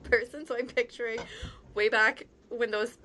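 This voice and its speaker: A woman hosting a podcast in a casual interview, chatty, quick to laugh and self-deprecating. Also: fairly high pitch, fairly even intonation, sharp tone, slight background noise. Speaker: podcast host.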